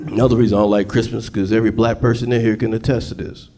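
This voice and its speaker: A man performing a loud, profane live stand-up set on a club stage, jumping into shouted high voices for his characters. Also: flat delivery, very fast, few pauses. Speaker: stand-up comedian. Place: comedy club stage before a laughing crowd. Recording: live club room with crowd. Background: audience laughter.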